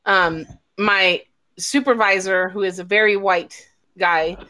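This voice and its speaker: A woman's voice: mid-range voice, fairly even intonation, slow pace, bright, forceful tone. A woman hosting a casual live chat, telling stories full of swearing and laughter. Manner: profane, laughing storyteller. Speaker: host.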